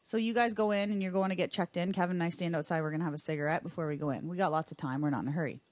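A young adult woman tells a travel story on a podcast, bouncing between narration and re-enactments of her own panic. Her voice sits on the lower side for a woman. The sound is dry and close, with no room around it. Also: racing, dry recording. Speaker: podcast guest. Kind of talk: casual storytelling chat.

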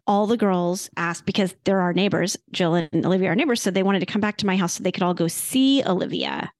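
A middle-aged woman co-hosting a podcast, chatting casually and telling stories with lively retellings. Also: fairly low pitch, a little fast, no echo, studio quality. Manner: chatty storyteller, animated retellings. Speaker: podcast co-host. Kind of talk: casual chat.

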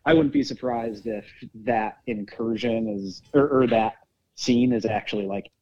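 A man's voice: mid-range voice, sing-song, measured pace, creaky, lo-fi sound. A man co-hosting a podcast in casual chat, explaining his theories at length and thinking aloud. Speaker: podcast co-host.

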